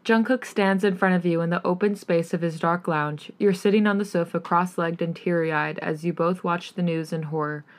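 Lowish-voiced woman reading fanfiction. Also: normal speed, hardly any pauses. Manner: expressive reading, emotional reactions. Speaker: podcast host and fanfic reader. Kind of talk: reading fanfiction aloud with chat.

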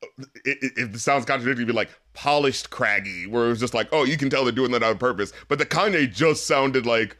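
A man co-hosting a casual album-review chat, animated, laughing often and swearing, acting out lyrics in little voices. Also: mid-range voice, a little fast. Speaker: podcast co-host reviewing rap albums.

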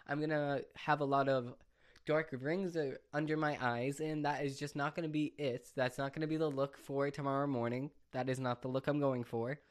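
A young man chats alone in a loose, rambling way, poking fun at himself and breaking into laughs. His voice sits at an ordinary, middle pitch. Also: little pitch movement. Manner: rambling, self-mocking, quick to laugh. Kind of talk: casual solo chat.

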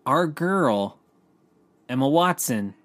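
A man co-hosting a casual entertainment news podcast, chatty and quick to restart his sentences. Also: mid-range voice, expressive, no echo.

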